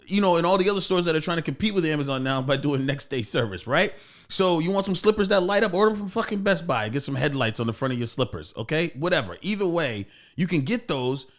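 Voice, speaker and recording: A man's voice: on the high side, expressive, fast talker. A man hosting a podcast, chatting casually and profanely with many restarts. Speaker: podcast host. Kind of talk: casual chat.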